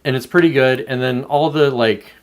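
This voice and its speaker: Hosting his own show from home, a man with a medium-pitched voice talks at a moderate pace through a casual political commentary monologue. He rambles, swears a lot, and keeps interrupting and restarting himself.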